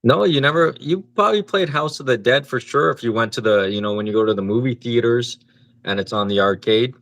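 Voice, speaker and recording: A man's voice: mid-range voice, fairly quick, fairly bright tone, no echo. A man co-hosting a podcast, chatting casually about video games in a laid-back way and swearing freely. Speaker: podcast co-host. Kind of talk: casual gaming chat.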